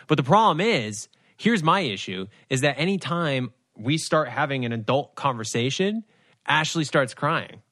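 A man with a bright, forward voice co-hosts a casual podcast chat over a video call. He tells stories with animation and acts out his own lines as he goes. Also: fairly high pitch, expressive, normal speed. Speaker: podcast co-host.

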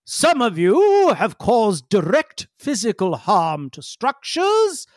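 A woman voicing a stern, formal male alien councillor who speaks slowly and carefully. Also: on the high side, huge pitch swings, darkish tone, no echo, studio quality, voice pushed up, heavily acted.

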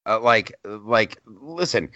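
Heated, bright-voiced man, dry lo-fi sound. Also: fairly low pitch, animated, no echo. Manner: heated, exasperated, quick mock-quoting. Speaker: podcast co-host. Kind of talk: casual political chat.

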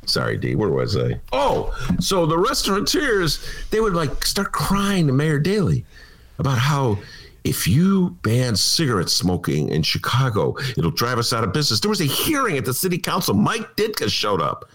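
A man's voice: mid-range voice, huge pitch swings, moderate pace, a bit bright. A man hosting a political talk show, giving opinionated commentary with sarcastic, jokey asides.

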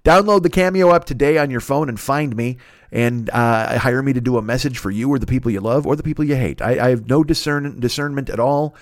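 A man's voice: mid-range voice, fairly quick, no room sound, clean studio sound. A man hosting a podcast, rattling off plugs and sponsor reads in a loose, rambling, profane way with frequent self-corrections. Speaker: podcast host.

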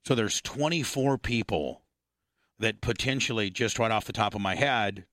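A man's voice: on the low side, normal speed, fairly bright tone, no room sound, studio quality. A man hosting a casual podcast chat, talking bluntly with swearing and rambling restarts. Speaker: podcast host.

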